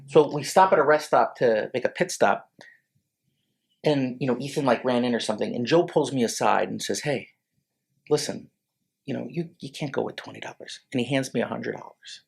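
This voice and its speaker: A man in his forties, a lawyer and podcast guest, telling personal stories in a casual, halting way with many restarts. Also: medium pitch, creaky, husky. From Connecticut, USA. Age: 40s. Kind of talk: casual storytelling interview.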